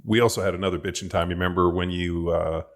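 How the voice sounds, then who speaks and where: A man hosts a podcast in a very low, deep voice. He tells stories in an excitable, profane, bro-ish way, full of "dude" and "like.". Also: fast talker. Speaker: podcast host. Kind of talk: casual podcast chat. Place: podcast studio.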